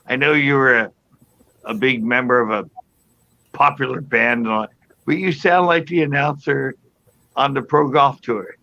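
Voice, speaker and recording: A man's voice: mid-range voice, normal speed, sharp tone, muffled recording. A man hosting a casual live panel chat, telling stories in a rambling way with many restarts. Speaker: host.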